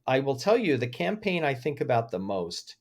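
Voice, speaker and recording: Emotional, animated male storyteller. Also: medium pitch, moderate pace. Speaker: podcast guest, agency head. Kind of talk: interview conversation.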